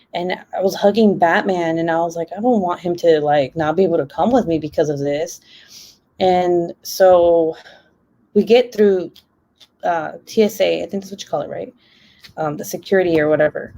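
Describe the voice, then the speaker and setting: Chatty young woman streaming, low-ish voice. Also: a little mellow. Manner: chatty, rambling, heavy use of "like". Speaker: live streamer. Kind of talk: casual storytelling while reading chat.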